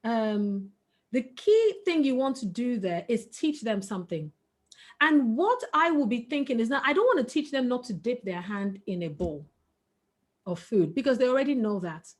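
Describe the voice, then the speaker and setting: A woman's voice: fairly high pitch, very animated, normal speed. A middle-aged woman, a webinar guest speaker, giving parenting advice in an earnest, emphatic way. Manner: earnest, emphatic, breaks into laughter.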